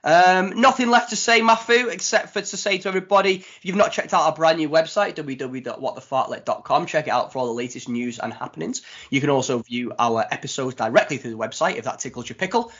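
A man's voice: fairly high pitch, fast talker, hardly any pauses, fairly bright tone. A man hosting a podcast in a casual, jokey way, full of ums and asides. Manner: chatty, jokey, with many ums. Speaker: podcast host. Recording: dull lo-fi podcast audio.

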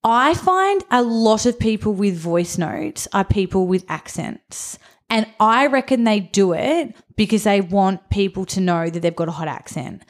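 A woman's voice: medium pitch, lively intonation, measured pace. A young woman co-hosting a podcast, chatting casually with frequent swearing and easy laughter. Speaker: podcast co-host. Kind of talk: casual chat.

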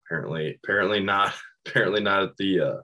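A hoarse man in his thirties, co-hosting a podcast and rambling in casual chat with plenty of filler words. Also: fast, bright, forceful tone. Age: 30s. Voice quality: low, husky voice. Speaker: podcast co-host.

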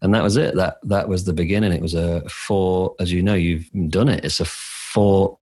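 A middle-aged man with a very deep voice and a husky edge. He speaks candidly and with feeling, sometimes laughing at himself as he tells a personal story in conversation. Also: fairly even intonation, moderate pace, mellow. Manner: candid, emotional, self-deprecating. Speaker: coach.

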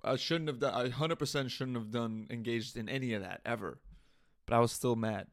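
Recorded on a studio mic through an audio interface, a young man hosting a podcast delivers a ranting comedic monologue, cursing and cracking himself up. He speaks a little fast in a mid-range voice.

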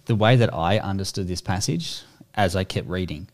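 A man's voice: sits low, normal speed. A man in a casual bible discussion, thoughtful, reading verses aloud and building his points step by step. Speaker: bible study co-host.

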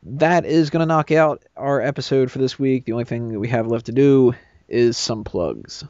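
A man hosting a casual podcast, briskly wrapping up the show. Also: medium pitch, a little mellow, no room sound. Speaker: podcast host. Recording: dull lo-fi dry sound.

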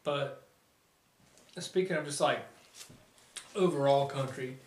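A man's voice: medium pitch, slow. A man co-hosting a casual talk show, rambling with lots of fillers and casual swearing. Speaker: podcast co-host. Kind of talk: casual chat. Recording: echoey room, mic at a distance, faint noise.

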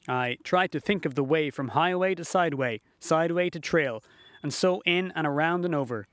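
A man's voice: fairly high pitch, no room sound. Man reading a folksy tale aloud. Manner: folksy, unhurried storytelling. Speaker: narrator. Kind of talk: first-person storybook reading.

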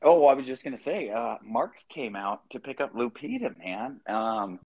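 A man's voice: mid-range voice, very animated, moderate pace, a little mellow, breathy edge, highs cut off. A man co-hosting a podcast, chatting casually and telling loose, profane stories with lots of fillers. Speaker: podcast co-host. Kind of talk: casual chat.

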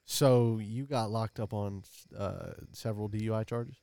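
A man's voice: on the low side, measured pace, creaky, warm tone, clean tone, no echo, studio quality. A man in casual chat, mostly reacting with short questions and follow-ups. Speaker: podcast co-host.

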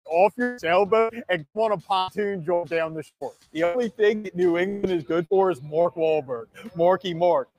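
A man doing a brash Delco sports fan. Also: sits high. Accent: Delaware County, Pennsylvania. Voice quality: loud, hyped, mocking. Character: brash trash-talking Philly sports fan guy. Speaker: comedian in a team promo. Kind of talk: comedic promo skit.

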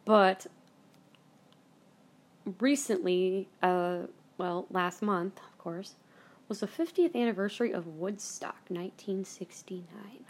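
Woman host, casual storytelling monologue, blunt and profane, rambling with fillers, mid-pitched voice. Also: slow pace, pauses often. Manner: chatty and blunt, swears freely; rambling, with many fillers and self-corrections. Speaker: podcast host.

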